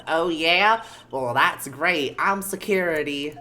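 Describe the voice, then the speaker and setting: A woman's voice: sits low, slow pace, sharp tone, soft background music, voice pushed up, exaggerated voice. A woman voicing a cranky, nagging old woman guarding a film studio in a video game. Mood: scolding. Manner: scolding, rambling, nagging. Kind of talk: game dialogue read aloud.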